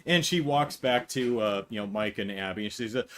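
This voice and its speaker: A man's voice: fairly low pitch, moderate pace, fairly bright tone. Exasperated man ranting about a movie. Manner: exasperated, sarcastic, mocking acted quotes. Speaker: podcast host. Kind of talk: casual movie review monologue.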